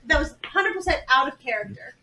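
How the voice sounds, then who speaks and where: A woman at a tabletop game argues her points in a playful way. Her voice is high and bright, and it sounds distant in an echoey room with faint background hiss. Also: expressive, fairly quick. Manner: playful and argumentative. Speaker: player. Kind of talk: casual tabletop game chat.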